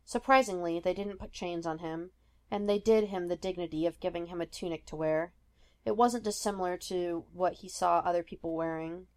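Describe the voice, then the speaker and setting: A woman reading a story aloud in an even, measured narration. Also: lowish voice. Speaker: podfic reader.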